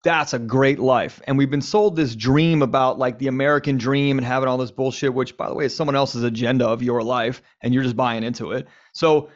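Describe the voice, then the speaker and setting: Man, casual talk, candid, animated lists, muffled audio. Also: mid-range voice, fairly quick, few pauses. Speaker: podcast host. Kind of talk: casual conversation on men's lives. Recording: slightly dull lo-fi audio.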